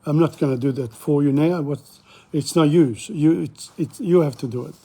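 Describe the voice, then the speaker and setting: Older male teacher, gravelly, husky, a little high-pitched, repeats words for practice, opinionated asides. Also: moderate pace, dark tone. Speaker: language teacher. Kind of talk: informal video lesson. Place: bookshop.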